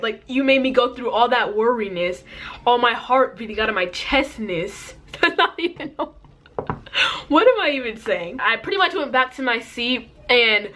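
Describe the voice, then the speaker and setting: Animated teenage girl telling a story. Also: fairly high pitch. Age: teens. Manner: animated, slangy storytelling, voices people. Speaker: vlogger. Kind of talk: storytime vlog.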